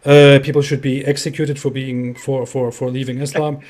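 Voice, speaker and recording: A man's voice: medium pitch, flat delivery, moderate pace, a little mellow. A man co-hosting a casual livestream chat, speaking emphatically, repeating words and laughing. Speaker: co-host.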